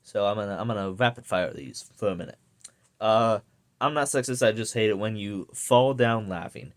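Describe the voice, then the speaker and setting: A man's voice: lowish voice, normal speed. A young man ranting casually to camera, rambling and swearing with lots of fillers. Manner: profane, rambling, many fillers. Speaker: vlogger.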